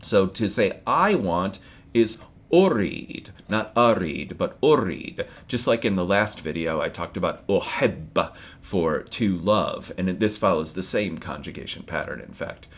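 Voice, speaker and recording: A middle-aged man with a notably low voice gives a recorded language lesson. He stays relaxed and drops dry, wry asides. He slows right down to pronounce each new word with care. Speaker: Arabic language teacher.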